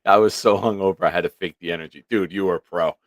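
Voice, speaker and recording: Low-voiced, profane livestream host. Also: male voice, fairly even intonation, fast, no room sound, clean studio sound. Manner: loose and profane, laughs easily. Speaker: livestream sports show host. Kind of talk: casual live-stream chat, reading viewer comments.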